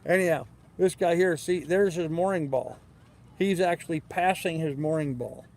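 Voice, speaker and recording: A man's voice: fairly high pitch, moderate pace, a little mellow. An older man hosting a casual live stream from his boat in a harbor, talking in an easygoing, chatty way and laughing often. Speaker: host. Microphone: handheld camera or tablet.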